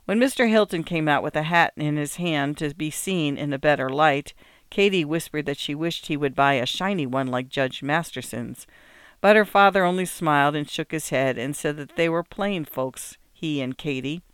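Smooth-voiced male storybook narrator. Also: a little high, moderate pace, fairly bright tone, dry recording. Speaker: audiobook narrator.

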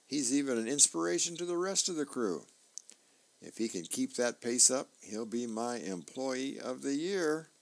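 A man's voice: mid-range voice, expressive, normal speed, vocal fry, pitched above the performer's own voice. A man voicing a stern older boss speaking in an approving, matter-of-fact way.

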